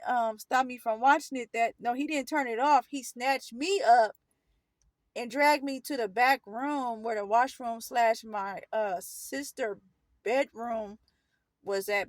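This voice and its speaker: A woman's voice: on the high side, dry recording. A woman casually recounting a painful personal story, rambling and correcting herself as she goes. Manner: rambling, self-correcting, earnest retelling. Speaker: storyteller vlogger.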